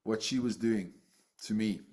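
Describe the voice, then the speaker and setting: A man's voice: fairly low pitch, steady tone, measured pace, a little mellow. Man telling a class a story. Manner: conversational, repeats phrases, asks the class questions. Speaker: teacher. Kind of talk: classroom lecture with personal story.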